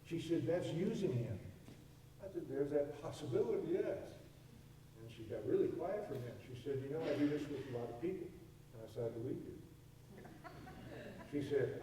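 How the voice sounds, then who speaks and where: A man gives a spiritual talk to a gathering in a hall with a live audience, teaching through folksy stories and acting out the voices of their characters. His voice is fairly high and warm. It sounds distant in an echoey room, with slight background noise.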